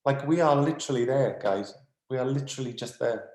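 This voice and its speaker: A man leads a spiritual channelling session in an earnest, excitable way. He keeps repeating phrases and sighing, and he sounds overwhelmed. His mid-pitched voice rings out in a roomy space. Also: brisk. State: overwhelmed, calming himself down. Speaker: psychic channeller.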